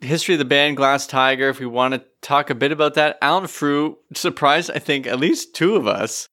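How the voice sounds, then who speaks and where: Bright-voiced man chatting on a podcast. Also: medium pitch, brisk. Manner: chatty, laughing easily. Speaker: podcast co-host. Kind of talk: casual chat.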